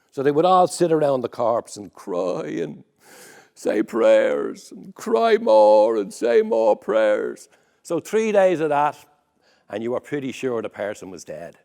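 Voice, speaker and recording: A man's voice: mid-range voice, vocal fry, a little mellow. A man with a Dublin accent telling comic stories on stage in a wry, conversational way. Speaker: storyteller. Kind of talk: comic storytelling performance.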